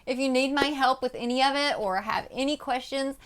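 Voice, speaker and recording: A woman with a slightly high voice teaching singing and speaking technique in a casual on-camera lesson. She talks in an animated way and keeps checking in with her viewers. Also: a little fast, clean tone. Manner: breaks into loud demonstrations of vocal technique. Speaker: voice and music coach.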